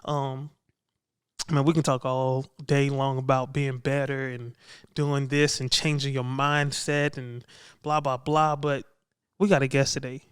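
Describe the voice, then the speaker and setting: Slangy, hyped podcast host, clear voice. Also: male voice, medium pitch, little pitch movement, a little slow, dry recording, clean studio sound. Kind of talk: casual podcast chat.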